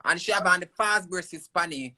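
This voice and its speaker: Bright-voiced Jamaican woman gossiping. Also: lowish voice, fairly quick. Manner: gossiping, storytelling. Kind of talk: gossip on a live stream.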